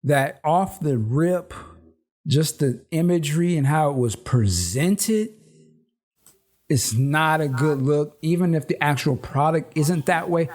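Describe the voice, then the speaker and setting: A man co-hosting a podcast, giving relaxed, thoughtful opinions in casual chat with some slang. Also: a little high, slow. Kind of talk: casual movie review chat.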